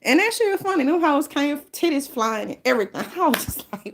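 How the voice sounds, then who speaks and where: Brash, high-voiced New Orleans woman. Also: fast, hardly any pauses. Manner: brash, profane, animated storytelling. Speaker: host. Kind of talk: casual storytelling monologue.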